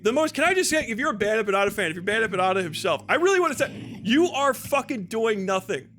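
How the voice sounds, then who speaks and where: A young man live-streaming a profane, mocking rant, shouting at times and laughing in bursts. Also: high-pitched, sing-song, fast, slight background noise.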